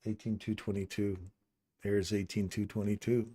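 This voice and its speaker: A man's voice: on the low side, level tone, moderate pace, mellow, husky. A man casually commenting on a live trading stream, reading out and answering viewers' chat messages by name. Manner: upbeat and chatty, laughs easily.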